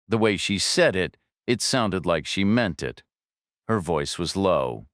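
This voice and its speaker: A man narrating a thriller audiobook in a steady, measured way, close to the mic. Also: low-pitched, no room sound.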